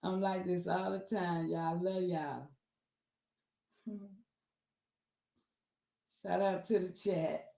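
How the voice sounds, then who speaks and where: A woman speaks, preaching in a folksy, heartfelt way and repeating lines for emphasis. She talks slowly and takes her time. Her voice carries some echo from the room. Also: on the low side, steady tone, creaky, warm tone. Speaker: speaker at an online symposium. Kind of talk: casual heartfelt address to listeners.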